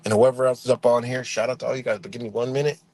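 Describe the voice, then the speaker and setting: Talking very fast with a flat delivery, a man with a mid-range, darkish voice runs a live stream. It's a casual rant in profane street slang, aimed bluntly at his audience, and he stops to say hello to viewers in the chat.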